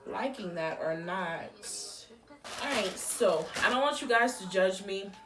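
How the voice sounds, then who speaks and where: Woman w/ doing a slow chatty unboxing, kinda off-mic in an echoey room, faint music under. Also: mid-range voice, lively intonation, recorded from a distance. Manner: chatty, exclaiming, drawn-out reactions. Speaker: beauty vlogger. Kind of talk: casual product unboxing chat. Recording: roomy echo, a bit off-mic, faint music.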